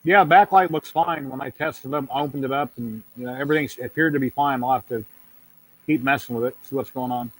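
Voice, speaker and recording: A man's voice: medium pitch, a little fast. A middle-aged man hosting a casual video call hangout, talking in a rambling, folksy way and often saying "yeah, yeah". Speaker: host.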